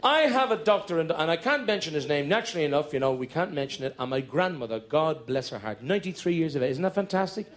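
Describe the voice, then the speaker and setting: A man's voice: on the high side, expressive, fast, few pauses, some chatter behind. A man telling comic stories on stage in a chatty, breezy way, breaking into short sung ditties. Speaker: stand-up comedian. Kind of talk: live comic storytelling. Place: stage at a hotel show. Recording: live stage, audience laughter, music.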